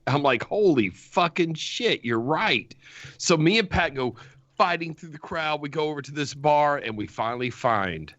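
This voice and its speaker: A man's voice: fairly high pitch, expressive, moderate pace, fairly bright tone, no room sound, highs cut off. A man co-hosting a podcast, telling profane comic stories in casual chat. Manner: joking storyteller, profane. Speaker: podcast co-host.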